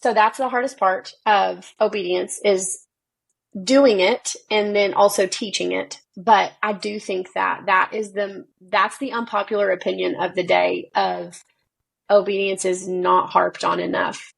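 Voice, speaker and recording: Gravelly, husky-voiced woman telling stories. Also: mid-range voice, a little slow, poor audio. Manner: lively storyteller who acts out quoted dialogue. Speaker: children's pastor, podcast guest. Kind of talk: casual faith conversation.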